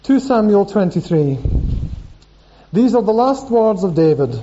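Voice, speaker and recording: Through a dull lo-fi recording, a preacher with a high-sitting, warm, animated voice reads scripture and asks the room questions at a moderate pace during his sermon.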